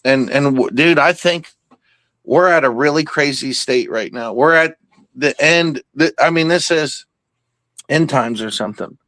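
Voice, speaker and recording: Excitable, rambling man with a dry sound. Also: fairly high pitch, measured pace, dry recording. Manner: excitable, rambling, with many restarts and fillers. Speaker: participant in an open Q and A. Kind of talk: rambling casual chat.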